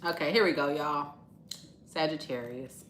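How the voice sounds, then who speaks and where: A woman's voice: low-pitched, moderate pace, fairly bright tone, echoey room, slight background noise. A tired woman tarot reader, chatting casually and laughing in sassy slang during a live reading.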